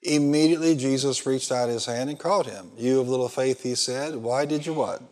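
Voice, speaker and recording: A man's voice: medium pitch, moderate pace, darkish tone. A male pastor preaching a sermon, reading scripture and pressing the congregation with fill-in questions. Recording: long hall reverb.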